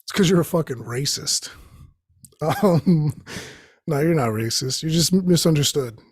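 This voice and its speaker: A young male host with a high-pitched, slightly husky voice rambles through a profane comic monologue. He jumps from one tangent to the next and slips into quick impressions. The sound is dry and close to the mic. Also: animated, a little mellow, no room sound. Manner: profane, tangent-jumping, acts out quoted voices.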